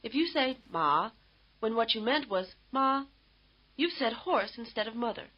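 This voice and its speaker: A woman giving scripted instructional narration for a language course, in a measured, explanatory way. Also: a little high, lively intonation, breathy edge. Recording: dull lo-fi tape audio.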